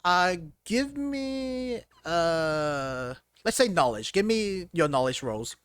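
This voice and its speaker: High-voiced man running a tabletop game. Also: sing-song, slow pace, fairly bright tone, smooth, no room sound. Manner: rambling, laughing, voicing NPCs with high squeals. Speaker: game master.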